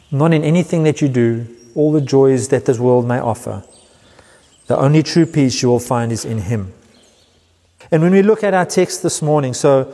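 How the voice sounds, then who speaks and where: A man's voice: fairly high pitch, a little mellow. Earnest male preacher in a reverberant hall. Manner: earnest preaching with slow emphatic pauses. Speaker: pastor. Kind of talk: sermon.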